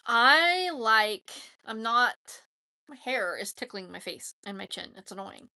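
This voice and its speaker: A woman's voice: medium pitch, moderate pace, gravelly, pushed and bright, no room sound. A woman hosting her own channel in a casual livestream chat, chatty and giggly, teasing herself as she talks. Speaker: YouTube channel host.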